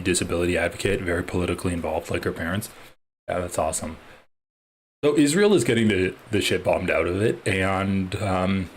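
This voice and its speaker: A man with a very low voice riffs through casual live-stream commentary. He is blunt and profane and hops from topic to topic. Faint background noise sits under his voice.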